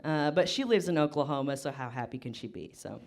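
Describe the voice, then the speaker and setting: A woman in her twenties doing live stand-up on a comedy stage. She rambles fast and pokes fun at herself, and her voice sits a little low for a woman. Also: lively intonation, background noise. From Kansas. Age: 20s. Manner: fast, rambling, self-deprecating.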